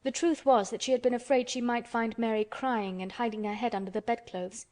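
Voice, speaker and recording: Woman narrator, steady measured read, slightly high voice, audiobook. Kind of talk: scripted narration.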